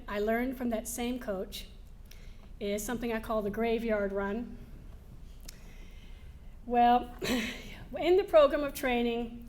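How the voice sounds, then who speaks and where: A woman giving a keynote speech to a live audience, telling lively personal stories, laughing now and then and acting out the scenes. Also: a little high, slight background noise. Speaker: motivational speaker. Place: event hall before a live audience.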